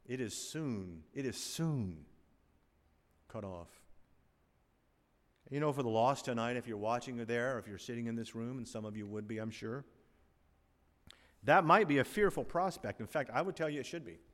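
An older man preaches in a church sanctuary, his voice neither high nor low. He is animated, swinging between loud emphatic lines and quiet asides. The sound trails off in the long reverb of a large hall. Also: moderate pace, long pauses. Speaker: pastor. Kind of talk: sermon.

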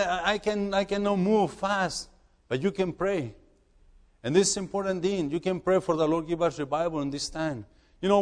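A man who is a missionary preaching in a church, halting and repeating words as he urges the congregation. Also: on the high side, darkish tone, big-room sound. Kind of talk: sermon.

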